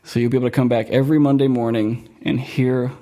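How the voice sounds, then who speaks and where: A man's voice: mid-range voice, flat delivery, quick pace, warm tone. A young man from Florida hosting a podcast in casual chat, rambling and laughing often. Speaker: podcast host.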